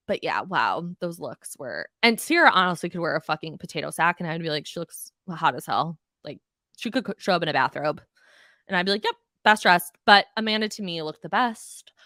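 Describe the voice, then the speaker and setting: A woman's voice: on the low side, pushed and bright, no room sound, clean studio sound. A woman hosting a podcast, ranting bluntly and profanely in a casual recap of reality TV. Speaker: podcast host.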